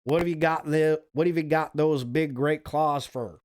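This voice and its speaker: A man's voice: on the high side, normal speed, no room sound, clean studio sound, lightly acted. A man doing a babbling old hunter with a Southern twang. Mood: panicked. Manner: babbling, frightened. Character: terrified old male backwoods hunter.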